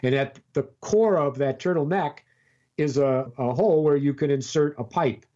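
An older man, a grandfather, telling a long rambling story in casual chat over a call, with halting restarts. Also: on the high side, warm tone, lo-fi sound.

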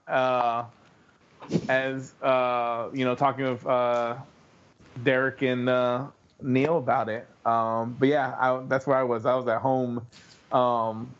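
A man talks slowly and hesitantly, filling his pauses with um and you know. The recording sounds dull and lo-fi. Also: mid-range voice. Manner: hesitant, full of fillers. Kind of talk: casual chat.

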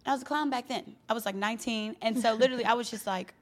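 A woman in her thirties co-hosting a podcast, telling chatty stories in a casual way. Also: fairly high pitch. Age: 30s. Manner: fast, chatty storytelling with laughs. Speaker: podcast co-host. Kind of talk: casual chat.

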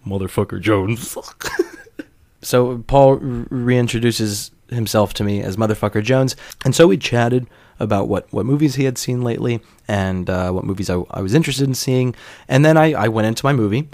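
A man's voice: medium pitch, brisk, a little mellow, no room sound. A young man hosts a podcast and tells a personal story from his school days. He is wry and self-deprecating and swears casually. His voice sits mid-range, recorded dry and close. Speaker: podcast host.

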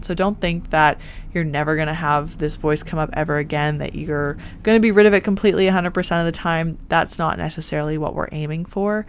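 A woman hosting a self-help podcast, talking in a gentle, reassuring and encouraging way. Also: deep voice, a little hiss or hum. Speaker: podcast host.

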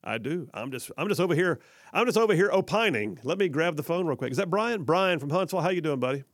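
A man's voice: fairly high pitch, lively intonation, quick pace, no echo, clean studio sound. A man hosting a talk radio show, delivering an emphatic, sarcastic opinion monologue that repeats for effect.

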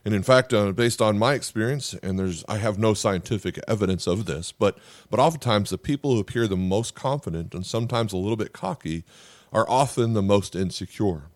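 Fairly low in pitch and talking fairly quickly, a middle-aged man preaches earnestly yet conversationally; he's a pastor and podcaster who keeps dropping "uh" fillers and starting phrases over. The audio is dry.

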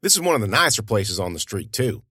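A man's voice: lowish voice, big pitch swings, quick pace, pushed and bright, husky, no echo, studio quality. Folksy male audiobook narrator. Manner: folksy, conversational storytelling.

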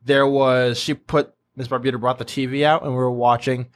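A man's voice: mid-range voice, flat delivery, fairly quick. A young man co-hosting a podcast, reminiscing in loose, rambling casual chat. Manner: rambling, many fillers. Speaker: podcast co-host.

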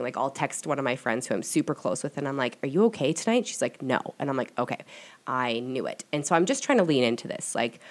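A young woman hosting a casual solo podcast, talking candidly and rambling, swearing freely. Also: low-pitched. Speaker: podcast host. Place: at home at her computer and mic.

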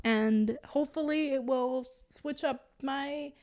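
Young woman podcast cohost, kinda high voice, rambles w lots of likes, dry close mic. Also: takes it slowly, a little mellow, dry recording. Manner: rambling, frequent "like" fillers. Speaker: podcast co-host. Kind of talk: casual podcast chat.

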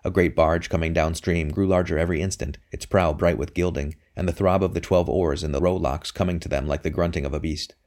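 Male narrator with a very low voice, steady and measured storybook reading. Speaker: audiobook narrator. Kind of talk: scripted narration.

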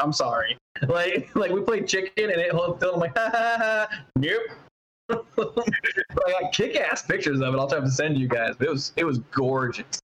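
A man's voice: medium pitch, a bit bright, slight background noise, poor audio. A man co-hosting a podcast in casual chat, telling stories animatedly, swearing freely and laughing often. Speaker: podcast co-host.

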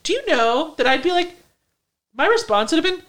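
A woman with a somewhat high voice co-hosts a casual podcast. She talks in an animated, profane way with laughing asides. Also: normal speed, slight background noise. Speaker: podcast co-host. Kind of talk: casual chat, reading a story aloud.

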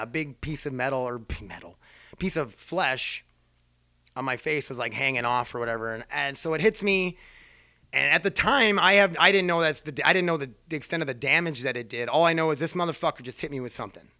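A man's voice: on the high side, bright, forceful tone, no echo. Swearing man telling a rowdy story. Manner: profane, rambling, self-mocking. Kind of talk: casual personal storytelling.

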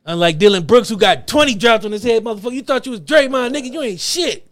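Man, podcast host, high voice, very lively pitch, casual joking banter, profane. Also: fast talker. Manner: animated, joking, profane, laughs often. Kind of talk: casual banter among friends.

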